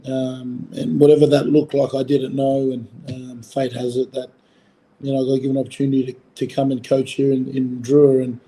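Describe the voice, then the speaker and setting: Heard on a low-quality recording, this Australian-accented man in his forties, a former rugby player turned coach, gives a casual, rambling interview in Fiji with frequent fillers and restarts. His voice is medium-pitched and dark, with little pitch movement, at a normal speed.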